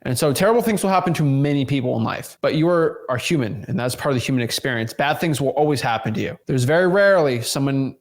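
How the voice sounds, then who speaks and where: A man's voice: mid-range voice, lively intonation, fast, few pauses. A man giving a motivational talk to camera about money mindset, speaking emphatically and often repeating words as he addresses viewers directly. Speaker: real estate investing YouTuber.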